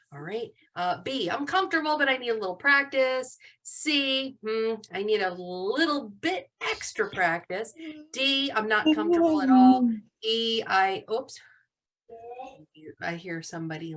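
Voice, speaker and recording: A woman's voice: fairly high pitch, a bit bright. Upbeat, encouraging teacher woman. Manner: upbeat, encouraging, praising students. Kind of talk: live online class lesson. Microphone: video call.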